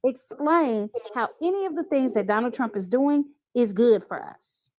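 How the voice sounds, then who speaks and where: A woman on a live-stream panel speaks pointedly and directly, her voice a little high for a woman. The sound is dry and close. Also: animated, moderate pace, darkish tone, dry recording. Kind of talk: casual live-stream debate.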